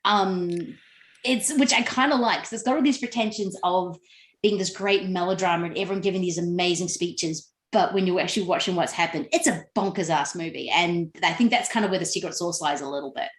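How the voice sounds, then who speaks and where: A woman's voice: on the low side, brisk, roomy sound. A woman hosting a podcast, chatting about films in a bubbly, laughing way. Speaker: podcast host. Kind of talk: casual podcast chat.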